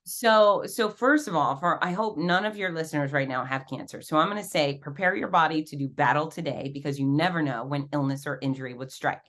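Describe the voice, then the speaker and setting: A woman guest on an interview podcast telling her story in a lively, animated way, acting out quoted voices with big jumps in pitch. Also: fairly quick, few pauses. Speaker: podcast guest, fitness professional and race announcer.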